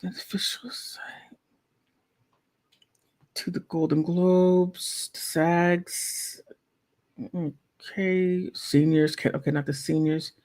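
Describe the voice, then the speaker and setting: Slow, rambling woman vlogger at her computer. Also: lowish voice, little pitch movement, dark tone. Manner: slow, rambling, thinks aloud with many okays and restarts. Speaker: channel host. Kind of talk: casual live vlog while browsing online.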